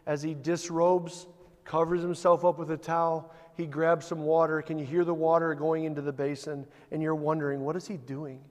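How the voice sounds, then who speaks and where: A man's voice: on the high side, flat delivery, moderate pace, darkish tone, long reverb tail. A man preaching a sermon as a pastor, telling the story vividly and building to emphatic points.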